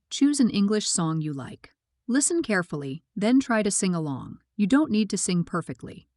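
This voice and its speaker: A woman narrating a scripted English pronunciation lesson, speaking slowly with clear, careful articulation. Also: lowish voice, darkish tone, dry recording, clean studio sound. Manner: slow, clear, carefully articulated teaching delivery.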